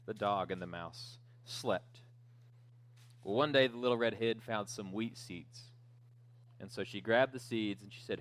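Joking storytelling pastor, a man. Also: lowish voice. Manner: joking storyteller, lively and conversational. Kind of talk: sermon.

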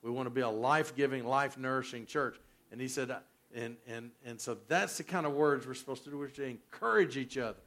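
A man preaching a sermon as pastor, folksy, swinging from loud emphasis to soft near-whispers. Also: mid-range voice, fast talker, few pauses.

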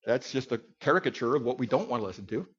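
A man's voice: medium pitch, lively intonation, fast, breathy edge. A man teaching a Bible passage to a group in a conversational, folksy sermon style with asides. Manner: conversational, folksy, with asides and sudden loud outbursts. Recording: dull lo-fi recording.

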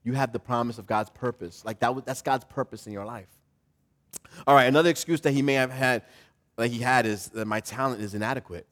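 A man preacher delivering a lively sermon, swinging between loud emphasis and quiet, repeating phrases. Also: mid-range voice, brisk.

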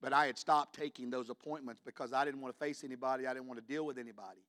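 A man preaching a sermon in a church, moving between quiet personal storytelling and loud, shouted declarations. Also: mid-range voice, steady tone, very fast. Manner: shifts from hushed storytelling to shouted climaxes.

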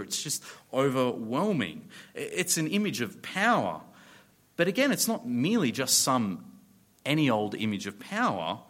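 A man preaching a sermon, earnest and emphatic, explaining scripture with fillers and pausing to drop low on key phrases. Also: a bit bright.

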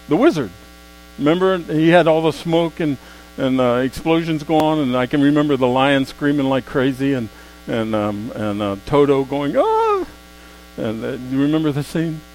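A man preaching a sermon, swinging between quiet, slow asides and loud, emphatic exclamations. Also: a little high, slight background noise, poor audio.

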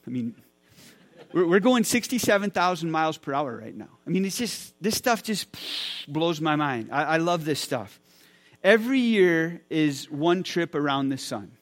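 A man's voice: a little high, normal speed. Enthusiastic pastor in his forties. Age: 40s. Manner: enthusiastic, repeats words when excited. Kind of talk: church sermon talk. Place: church sanctuary.

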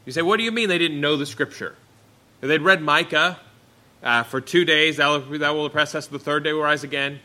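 In a sermon, a man with a bright, ringing voice reads scripture in old wording to his congregation, then retells it in plain speech. His voice climbs high and loud before dropping low and quiet, and the audio is poor.

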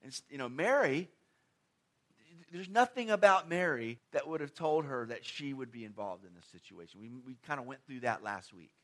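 A man preaching a sermon in a conversational, emphatic way, firing off rhetorical questions and moving between loud stressed phrases and quiet asides. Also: medium pitch, expressive, moderate pace.

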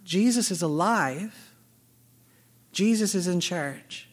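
A man's voice: high-pitched, expressive, takes it slowly. A man preaching a sermon as pastor, telling a personal story and acting out the dialogue. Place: church sanctuary. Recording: long reverb of a large hall.

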